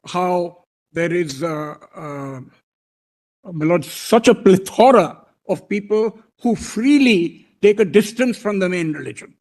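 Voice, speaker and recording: Man, Indian English accent, fairly high voice, senior advocate, courtroom argument, measured and deferential. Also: darkish tone. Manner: deliberate, deferential, repeats "my lord" often. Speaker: senior advocate arguing before a court bench.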